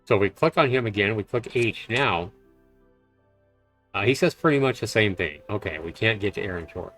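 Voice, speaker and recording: A man's voice: on the low side, lively intonation, moderate pace, a bit bright, faint music behind. A man doing casual live commentary while playing a game, chatty and loose with fillers. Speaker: game streamer. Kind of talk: live let's-play commentary.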